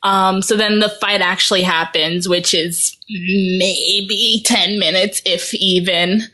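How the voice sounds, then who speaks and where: A woman's voice: mid-range voice, slow pace. A woman co-hosting a podcast in casual chat, animatedly retelling a film plot. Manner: animated retelling, laughs often. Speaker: podcast co-host.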